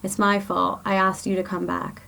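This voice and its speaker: A woman's voice: mid-range voice, level tone, normal speed, gravelly, bright, forceful tone. A woman voicing her father on a phone call, reassuring and then tearful. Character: worried, loving father on the phone.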